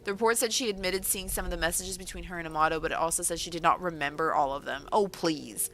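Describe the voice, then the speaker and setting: A woman author on a livestream, reading a news report aloud and breaking in with animated, disbelieving exclamations. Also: lowish voice, quick pace, poor audio. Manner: animated, exclaiming in disbelief between read-out passages. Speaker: author livestreaming a writing session.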